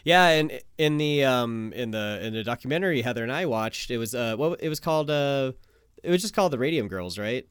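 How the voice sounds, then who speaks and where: Male podcast co-host, lively pitch, clean resonant voice. Loose, sweary, filler-heavy delivery. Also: brisk, smooth, no room sound, studio quality. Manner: animated, loose, swears freely, many fillers. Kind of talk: casual podcast chat and story reading.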